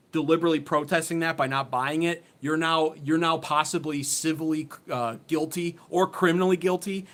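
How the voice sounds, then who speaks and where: A man hosting a political livestream, sarcastic, worked up and blunt, swearing as he talks into a phone on a desk mount. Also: fairly high pitch. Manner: sarcastic, riled up, blunt and profane. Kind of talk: heated political commentary livestream.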